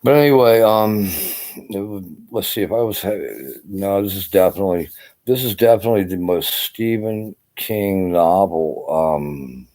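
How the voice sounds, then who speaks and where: A worn-out older man talks to his camera in a low, dark, mellow voice. He rambles loosely, swears often and leans on "you know" between every thought. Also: unhurried. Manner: rambling, profane, full of "you know" fillers. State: exhausted. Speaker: army veteran vlogger. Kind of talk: casual rambling vlog monologue.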